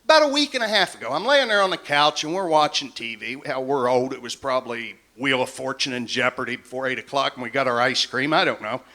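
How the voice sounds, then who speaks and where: A man's voice: medium pitch, fast talker, hardly any pauses, bright, forceful tone. A man in his fifties doing a folksy, self-deprecating stand-up set on a comedy club stage. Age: 50s.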